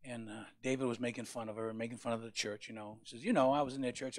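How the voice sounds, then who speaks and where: A male pastor preaching a sermon, with passionate rises to loud peaks. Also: medium pitch, quick pace, vocal fry, dry recording, clean studio sound.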